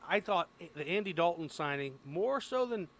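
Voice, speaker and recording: A man hosting a sports radio show, leading the talk in a lively, joking way. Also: high voice, normal speed. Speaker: radio host.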